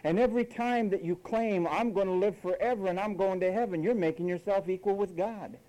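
A male preacher gives a sermon in a lively, swooping style, his voice pitched higher than usual yet mellow and dark in tone. He scolds and mocks, acting out what other people say. The recording quality is low.

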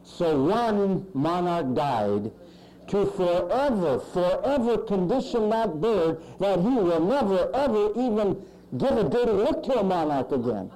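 Man, pastor, sermon, fairly high voice, mellow tone, emphatic, swinging pitch and volume. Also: sing-song, measured pace, low-quality recording. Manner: emphatic preaching with sudden swings in pitch and loudness.

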